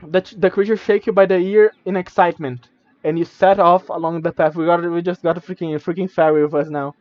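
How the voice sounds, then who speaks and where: A man's voice: sits high, fairly even intonation, brisk, dry recording, lo-fi sound. A man streaming, reading a gamebook aloud with stumbles, restarts and casual asides. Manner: reads with stumbles and self-corrections, casual asides.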